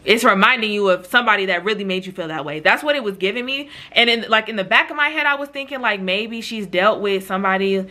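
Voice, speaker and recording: A woman's voice: medium pitch, fast, few pauses, bright, forceful tone. A woman vlogger telling a chatty storytime with lots of slang, talking straight to her viewers. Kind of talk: storytime vlog.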